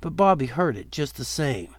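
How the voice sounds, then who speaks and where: A man reading a Halloween horror story aloud in a steady, measured storytelling voice. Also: a little high. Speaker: narrator. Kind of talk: storytelling narration.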